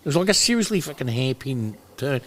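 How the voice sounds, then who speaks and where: A man's voice: mid-range voice, big pitch swings, a little fast. An Australian man casually telling rambling stories, swearing a lot and acting out what people said. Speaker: podcast co-host. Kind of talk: casual storytelling chat.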